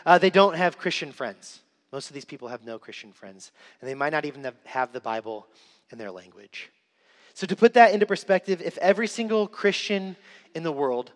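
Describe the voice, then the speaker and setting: A man's voice: fairly high pitch, fairly bright tone. A young man preaching a sermon in a church, telling a story earnestly and repeating lines for emphasis. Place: church sanctuary. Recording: reverberant church hall.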